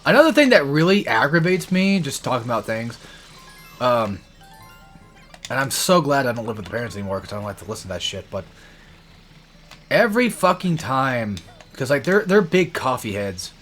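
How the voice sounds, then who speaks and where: Young adult male let's player, casual profane ranting, mid-pitched voice. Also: big pitch swings, moderate pace, long pauses, fairly bright tone, faint music behind. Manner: profane, ranting, frequent swearing. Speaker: let's play gamer. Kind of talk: rambling gameplay commentary.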